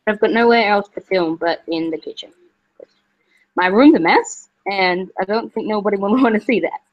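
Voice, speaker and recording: Woman, gaming livestream host, chatty, laughs a lot, mid pitch, dull lo-fi mic. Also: normal speed. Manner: chatty, laughing, frequent "jeez". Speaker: streamer, host. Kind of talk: casual gaming livestream chat. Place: kitchen at home. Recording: dull lo-fi sound.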